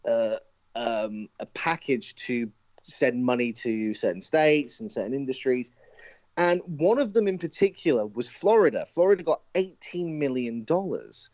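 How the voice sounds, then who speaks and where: A man running the timeline on a casual live show, relaxed and a little sweary. His voice comes through dry and slightly muffled, like a modest home mic. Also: medium pitch, no room sound. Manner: steers the talk, swears casually. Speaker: podcast co-host.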